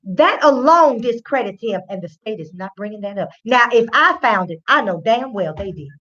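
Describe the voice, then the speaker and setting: A woman giving casual legal commentary, lively and folksy, talking straight to her viewers. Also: a little high, moderate pace. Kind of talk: casual commentary to an online audience. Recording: dull lo-fi sound.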